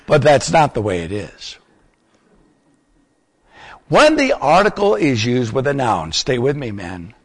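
A man's voice: mid-range voice, slightly rough. An older man preaching and teaching, quizzing his listeners with questions in an explanatory, teacherly way. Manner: teacherly, asks the audience questions. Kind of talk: sermon teaching. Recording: long hall reverb.

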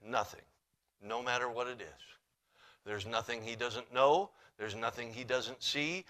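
A man preaching a sermon, reading scripture in old-fashioned wording and swinging between hushed, quiet passages and loud, emphatic ones. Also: medium pitch, unhurried. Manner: reads scripture in King James wording.

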